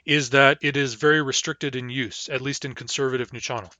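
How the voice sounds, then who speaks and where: A man giving a recorded language lecture, patiently repeating words slowly for learners. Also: mid-range voice, pushed and bright, dry recording, lo-fi sound. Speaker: language teacher.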